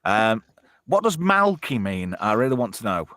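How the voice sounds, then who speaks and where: A man's voice: on the low side, very animated, normal speed, a bit bright. A man hosting a casual chat show, rambling and swearing freely while slightly drunk. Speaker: show host reading chat.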